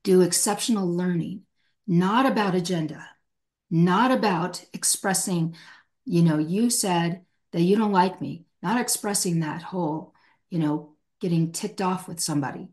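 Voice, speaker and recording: A woman's voice: on the low side, unhurried, a little mellow. A middle-aged woman, a hostage negotiator as podcast guest, answering passionately and acting out quoted speech. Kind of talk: emphatic podcast interview answer.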